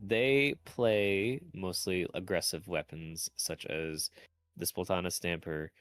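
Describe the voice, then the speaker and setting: A man's voice: low-pitched, fairly even intonation, slow, a bit bright, clean tone, no room sound, faint music behind. A man doing casual esports commentary, rambling and self-deprecating, often laughing as he talks. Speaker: tournament commentator.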